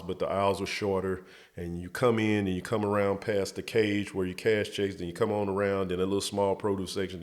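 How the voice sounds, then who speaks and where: A middle-aged man hosting his show, casually telling a long story from his youth and leaping into high voices when he quotes people. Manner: animated, jumps up high when quoting others.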